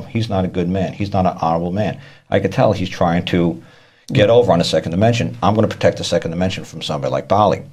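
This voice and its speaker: Very deep-voiced man, rambling talk. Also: a little mellow, slightly rough. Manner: rambling, repeats words, acts out quoted people. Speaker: speaker on law and court tactics. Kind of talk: casual explanatory talk.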